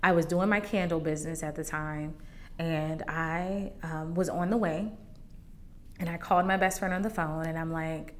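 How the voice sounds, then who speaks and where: A woman's voice: deep voice, fairly even intonation, moderate pace. A woman hosting a faith podcast, candidly sharing a personal testimony in a conversational way that turns emotional at times. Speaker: podcast host.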